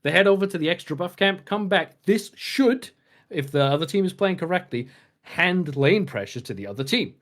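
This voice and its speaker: In casual chat on a gaming podcast, a male co-host explains game strategy at length, with frequent filler restarts. His high voice is expressive and a bit bright, delivered at normal speed.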